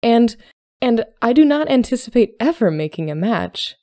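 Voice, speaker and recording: A woman voicing a proud, sharp-tongued young Regency lady who speaks in clipped, formal phrases. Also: lowish voice, brisk, no echo, studio quality, close to an everyday voice. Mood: indignant. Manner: clipped, flustered, formal period speech.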